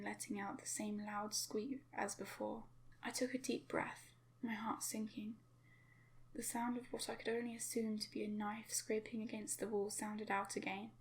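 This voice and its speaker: A young woman with a slight cough, reading a first-person horror fanfiction in a hushed, often whispered, steady voice. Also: medium pitch. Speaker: fanfiction reader.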